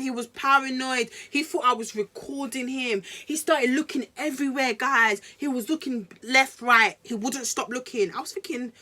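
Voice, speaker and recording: A young woman, telling a story to camera in casual slang, animated and talking straight to her viewers. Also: on the high side. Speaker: vlogger.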